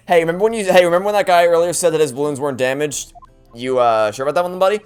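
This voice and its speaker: A man giving casual, rambling commentary over a game playthrough, self-deprecating and full of restarts. His pitch swings widely as he talks. Faint game music plays underneath. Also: animated, fast, clean tone. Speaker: let's play host.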